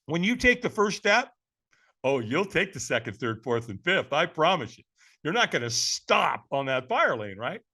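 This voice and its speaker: A man in his seventies from California tells a story as a podcast guest, animated and conversational, peppering it with "man." His voice sits high and bright, and it swoops widely as he talks. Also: normal speed, husky. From California, USA. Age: 70s. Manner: lively, acts out quoted voices, says "man" often.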